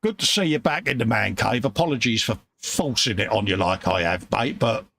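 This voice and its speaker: British man, jokey livestream host, gravelly voice with a lively, bouncing pitch, chatting from a home workshop. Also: brisk, no echo. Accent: British English. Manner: jokey, chummy, reads viewer comments aloud. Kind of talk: casual chat.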